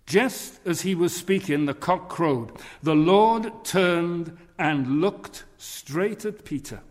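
A man's voice: fairly high pitch, slow, darkish tone. A man preaching a sermon in a church, earnest and leaning on repeated phrases. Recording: long reverb of a large hall.

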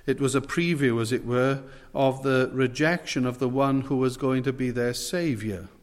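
A man's voice: mid-range voice, normal speed. A man preaching an expository sermon, emphatic, quoting scripture and stressing key words by lifting and dropping his voice. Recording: long hall reverb.

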